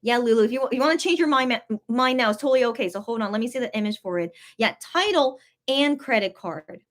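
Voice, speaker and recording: A young woman hosting a casual livestream, reading viewer comments aloud and reacting with sudden loud outbursts and quiet mutters. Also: fairly high pitch, fast talker. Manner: excitable, swings between loud outbursts and soft mutters. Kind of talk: casual live-stream chat.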